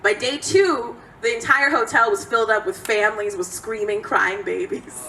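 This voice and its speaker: A woman performing a stand-up comedy set, animated, jumping to a high excited pitch on her punchlines. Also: normal speed. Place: comedy club stage. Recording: live club recording from a distance, loud crowd laughter and noise.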